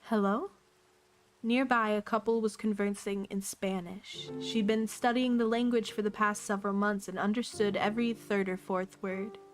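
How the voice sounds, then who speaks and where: Woman calmly reading a novel aloud. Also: medium pitch, faint music behind. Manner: calm, unhurried reading with occasional throat clearing. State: slightly losing her voice. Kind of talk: book reading on a livestream.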